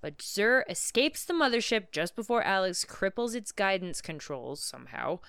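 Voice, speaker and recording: A woman co-hosting a podcast who walks through a film's plot with dry, wry asides. Her voice is very smooth and clear, with lively pitch, and the recording is dry and close. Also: normal speed, no echo. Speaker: podcast co-host. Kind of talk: casual chat, recapping a film plot.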